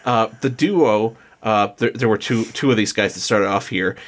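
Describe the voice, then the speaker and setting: A man's voice: lowish voice, normal speed. A man co-hosting a podcast, chatting loosely and reading from notes with lots of fillers and restarts. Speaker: podcast co-host. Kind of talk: casual chat, reading notes.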